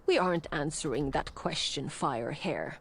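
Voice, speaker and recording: A woman voicing a stern older troll matron who gives brisk orders in an audiobook. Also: deep voice, lively intonation, slight background noise, pitched below the performer's own voice. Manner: brisk and commanding.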